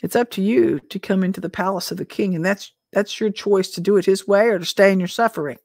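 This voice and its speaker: Speaking conversationally, this female teacher and minister delivers casual prophetic teaching, asking plenty of rhetorical questions and now and then clearing her throat. Her pitch is medium, her pace quick, and her tone slightly mellow, captured in studio quality without any room sound.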